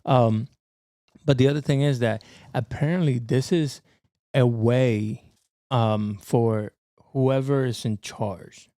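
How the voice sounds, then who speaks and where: A man's voice: medium pitch, takes it slowly, warm tone, no echo, studio quality. A young man co-hosting a podcast in casual, slangy chat, laughing often. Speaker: podcast co-host.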